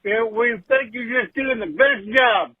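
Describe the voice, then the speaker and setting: A man's voice: extremely high pitch, measured pace, slightly rough, no room sound, heavily acted. A man voicing a crude, folksy old uncle who leaves a rambling, drawling voicemail. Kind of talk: comedic voicemail sketch. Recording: tinny phone voicemail.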